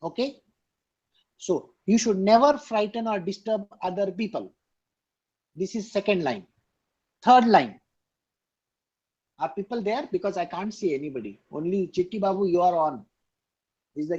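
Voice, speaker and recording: High-voiced man preaching. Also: normal speed, pauses often, darkish tone, breathy edge, lo-fi sound. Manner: emphatic, repeats key lines, asks the listeners questions. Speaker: spiritual teacher. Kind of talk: scripture discourse over a video call. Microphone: online video call.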